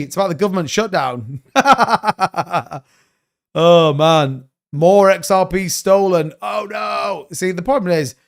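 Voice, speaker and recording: A man's voice: high-pitched, gravelly. A man hosting a crypto livestream, rambling and blunt, cursing freely in casual chat.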